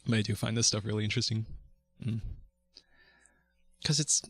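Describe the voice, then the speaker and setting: In a steady, fairly low voice with a bit of brightness, this vtuber streamer talks at a moderate pace. He rambles casually about voice technique, restarting frequently, cursing and laughing mid-sentence. The recording has no room sound.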